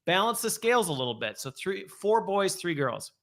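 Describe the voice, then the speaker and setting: A man's voice: sits high, very animated, moderate pace, gravelly, fairly bright tone. A man, a guest on a podcast, talking in a thoughtful, earnest way about raising his children. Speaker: podcast guest, father of seven. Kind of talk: casual podcast chat.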